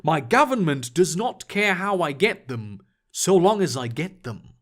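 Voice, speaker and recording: A man's voice: fairly high pitch, sing-song, unhurried, fairly bright tone. A man voicing a cold, menacing young male spy who speaks curtly and with scorn. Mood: scornful. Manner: curt, scornful and threatening.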